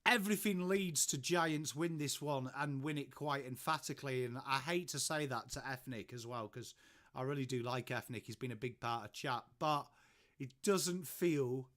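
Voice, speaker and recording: A man's voice: medium pitch, a little slow, a bit bright. A man with an English accent hosting a casual live-stream watchalong from home, chatting along and greeting viewers by name as he reacts to their messages. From England.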